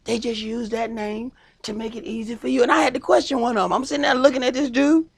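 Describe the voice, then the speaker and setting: A man preaching a sermon as priest, stressing points by slowing down and raising his voice. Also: very high voice, steady tone, gravelly. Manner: emphatic preaching, slows and shouts for stress.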